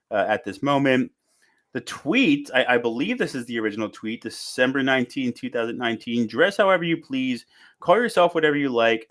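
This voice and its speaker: A man's voice: medium pitch, fairly bright tone. A man co-hosting a casual podcast, talking animatedly and reading articles and tweets aloud. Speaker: podcast co-host.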